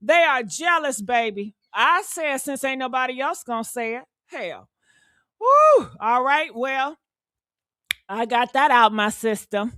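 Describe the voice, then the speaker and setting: Sassy woman with going off on her live, high bright voice, dry sound. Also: a little slow, no room sound. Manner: fired-up, sassy, calls viewers honey and baby. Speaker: live stream host. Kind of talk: ranting live stream commentary.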